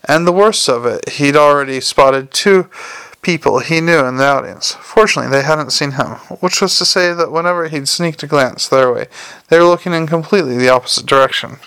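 A man's voice: a little high, fairly quick, fairly bright tone, clear, resonant tone, dry recording. A man narrating an audiobook in a dry, wry storytelling manner. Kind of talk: scripted narration.

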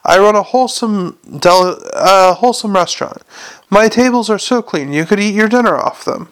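A man reading aloud voices an indignant, blustering male dwarf restaurateur who defends his cooking loudly. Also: sits high, moderate pace, clear, resonant tone, lightly acted.

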